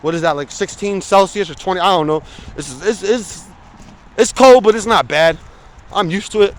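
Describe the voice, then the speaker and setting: A man's voice: high voice, normal speed. Blunt, profane forty-something man walking outdoors. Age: 40s. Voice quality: frequent swearing, blunt and emphatic. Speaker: vlogger. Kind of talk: casual walking vlog rant. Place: outdoors on a city street, walking in the cold. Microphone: phone camera held while walking.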